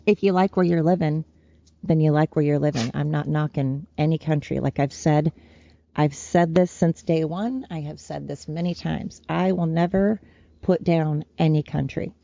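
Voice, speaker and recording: Gravelly, dark-voiced woman ranting. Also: low-pitched, steady tone, normal speed, no room sound, dull audio. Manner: profane, rambling, worked-up. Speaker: podcast host. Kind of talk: solo podcast rant. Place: at home with her dogs.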